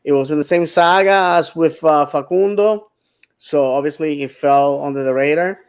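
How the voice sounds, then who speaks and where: A man's voice: a little high, moderate pace, clean tone. A middle-aged man co-hosting a sports talk show, rambling casually with many fillers and restarts. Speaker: podcast co-host.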